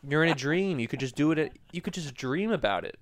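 A young man chats casually at home and keeps teasing his grandmother with exasperated, foul-mouthed banter. His voice sits a little high for a man, and the sound is dry and close. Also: lively intonation, fast talker, dry recording. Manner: teasing, exasperated, swears freely. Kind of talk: casual chat.

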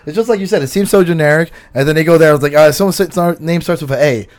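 A man's voice: a little high, fast. A man co-hosting a podcast in casual chat, cracking crude jokes, swearing freely and laughing a lot. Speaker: podcast co-host.

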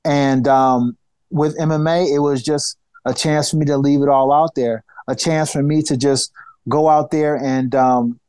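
Animated storytelling man, dry sound. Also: fairly high pitch, measured pace, smooth, dry recording. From United States. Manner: animated storyteller, acts out quoted voices, restarts often. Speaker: podcast guest, former fighter. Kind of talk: casual interview storytelling.

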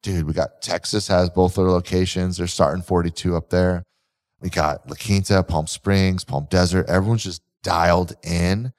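A man's voice: deep voice, moderate pace. A man co-hosting a casual podcast, a fitness coach telling stories energetically and acting out quotes. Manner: energetic, animated storytelling with acted-out quotes. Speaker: fitness gym owner and podcast co-host.

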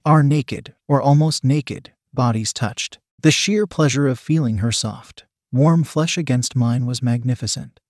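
A man narrating a first-person story with a steady, even reading manner. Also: medium pitch, measured pace, hardly any pauses, no room sound, studio quality.

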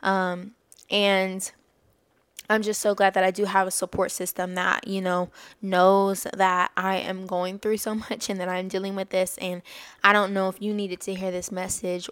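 A woman's voice: lowish voice, clean tone, no room sound. A woman hosting a podcast, giving an earnest, faith-based talk of encouragement and often laughing mid-sentence. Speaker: podcast host.

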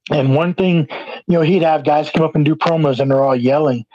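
Rambling wrestler guest, slightly high voice. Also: male voice, steady tone, a little fast, darkish tone, dry recording. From New Jersey. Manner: rambling, heavy use of "you know" fillers. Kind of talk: casual interview chat. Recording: dull lo-fi, dry sound.

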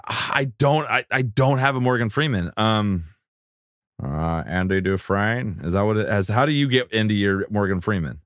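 A man's voice: fairly low pitch, animated, fairly quick, few pauses, no echo, studio quality. A man co-hosting a sports podcast in frank, casual chat, swearing freely. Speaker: podcast co-host.

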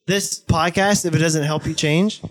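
A man's voice: a little high, fairly even intonation, normal speed. A young man in casual chat on a podcast, blunt and pushy, swearing freely as he argues his point. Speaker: podcast guest, host's best friend.

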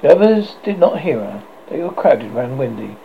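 A man narrating a children's storybook with a theatrical, animated delivery, his pitch rising and falling freely. The voice has a gravelly texture and sits a little high. The recording is slightly dull, with faint background hiss. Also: moderate pace. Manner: expressive, theatrical reading. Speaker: audiobook reader.

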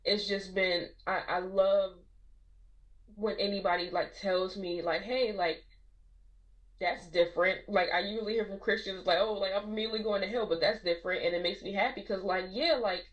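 A young woman in a relaxed interview, speaking earnestly about her faith. Her voice sits in a middle pitch and she threads her sentences with casual fillers. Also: normal speed, poor audio. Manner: earnest, heartfelt, frequent "like" fillers. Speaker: guest. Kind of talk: testimony in a casual podcast conversation.

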